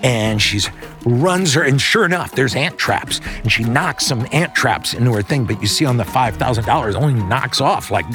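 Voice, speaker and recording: A man's voice: medium pitch, expressive, normal speed, over music. A middle-aged man hosting a podcast, improvising a bedtime story in a loose, conversational way with fillers and restarts.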